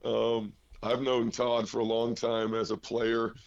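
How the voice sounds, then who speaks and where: A man coaching college basketball talks while out of breath, his voice deeply gravelly and full of fry. He rambles through fillers and restarts and cracks self-deprecating jokes. The sound is dull and lo-fi. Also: monotone, measured pace. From Iowa, US. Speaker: head basketball coach, guest. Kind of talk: casual phone interview.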